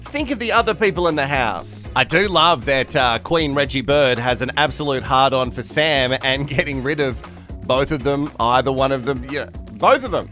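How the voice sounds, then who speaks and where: A man's voice: mid-range voice, normal speed, sharp tone, soft background music. An Australian man hosting a comedic reality TV recap, chatty, camp and teasing, laughing often. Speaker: recap show host.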